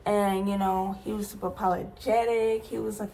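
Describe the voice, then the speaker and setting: Young woman vlogger doing a storytime, chatty and slangy, lots of asides to the audience, mid-pitched voice, faint noise behind. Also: little pitch movement, normal speed, few pauses, dark tone. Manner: chatty, slangy and emphatic, with many asides to viewers. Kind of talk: casual storytime.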